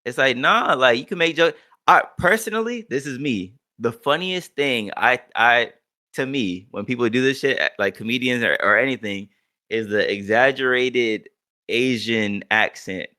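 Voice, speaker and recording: A man's voice: medium pitch, normal speed, bright, forceful tone. A young man co-hosting a podcast, talking in loose, profane, joking banter. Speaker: podcast co-host. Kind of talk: casual chat.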